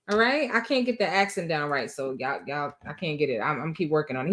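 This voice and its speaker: A woman's voice: deep voice, lively intonation, fast, few pauses. A woman hosting a commentary channel, reacting to recorded phone calls with mocking, laughing remarks. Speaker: commentary host. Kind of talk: reacting to played call clips.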